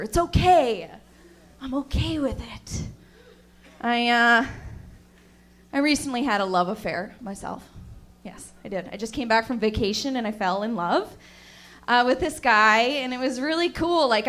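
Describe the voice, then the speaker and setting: A young woman works through a stand-up set with dry, deadpan asides to the crowd. Her voice sits high, and her delivery stays flat and unhurried. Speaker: stand-up comedian.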